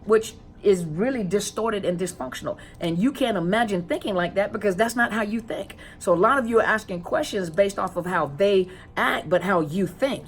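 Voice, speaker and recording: A woman's voice: mid-range voice, a little hiss or hum. A woman counselor giving a casual educational talk to viewers, conversational, with many rhetorical questions and repeated phrases. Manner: stalls with fillers while searching for words. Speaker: counselor and coach on narcissistic abuse.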